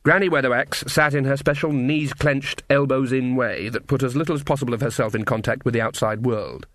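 A man narrating an audiobook in an even, wry storytelling manner. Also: mid-range voice, brisk, dry recording, studio quality.

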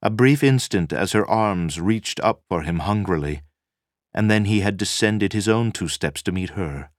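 A man reading a novel aloud as narrator, measured and dramatic. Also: fairly low pitch, animated, no room sound, clean studio sound. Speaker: audiobook narrator. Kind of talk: scripted narration.

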